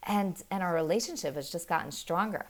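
Earnest mother explaining parenting. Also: fairly low pitch. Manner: earnest, animated storytelling with quick laughs. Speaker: parenting guest. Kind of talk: conversational explaining.

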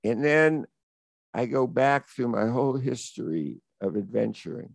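Slow gravelly American man telling a tale. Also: fairly low pitch, dry recording. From United States. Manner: vivid, reflective, rising into excitement. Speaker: guest storyteller, author. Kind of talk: animated adventure anecdote.

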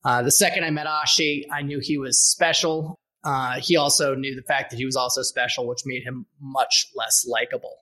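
A man's voice: mid-range voice, fairly even intonation, normal speed, pushed and bright. A man hosting a casual podcast interview, teasing his guest with joking banter. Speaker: podcast host.

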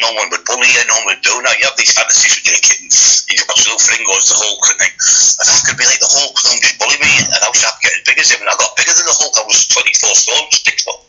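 Interview guest, man, 50s, Teesside accent, rasping and rapid, rambling, lo-fi recording. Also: lowish voice, pushed and bright. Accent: Teesside English with a Scottish trace. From Scotland. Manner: rambling, repeats and restarts, working-class turns of phrase. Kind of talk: life-story interview.

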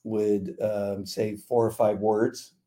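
A man's voice: on the low side, level tone, slow pace, mellow. A middle-aged man co-hosting a podcast, chatting casually and acting out quotes as he tells stories. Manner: laid-back storyteller, acts out quotes. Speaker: podcast co-host. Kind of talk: casual chat.

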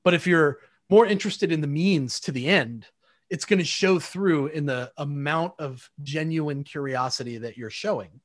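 A man's voice: fairly high pitch, normal speed. A man in casual conversation who acts out quoted exchanges as he talks.

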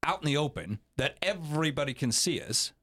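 A man's voice: a little high, expressive, a little fast, pushed and bright, dry recording. A man hosting a casual podcast chat, talking in an opinionated, rambling way. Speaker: podcast host.

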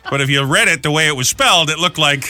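A man hosting a casual comedy chat, telling odd news stories in an animated, jokey way. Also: on the high side, quick pace. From United States. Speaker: radio show host.

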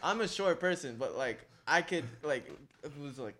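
A man's voice: a little high, animated, normal speed, fairly bright tone. Laid-back teasing man. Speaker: friend and fellow graffiti writer. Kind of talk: casual chat.

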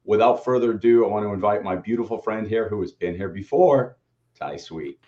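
A relaxed, laid-back man co-hosting a casual talk show. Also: fairly low pitch, fairly quick, lo-fi sound. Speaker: co-host. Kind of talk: casual chat.

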